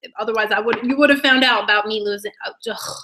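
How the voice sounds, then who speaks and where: A woman's voice: on the high side, fast, sharp tone, a little hiss or hum. A young woman chatting to her viewers in a rambling, giggly way, swearing freely. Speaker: YouTuber talking to live chat. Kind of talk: casual chat to viewers.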